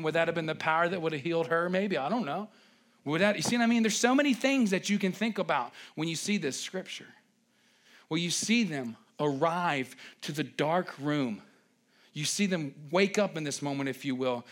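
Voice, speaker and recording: Animated man preaching a conversational sermon. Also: fairly high pitch, moderate pace.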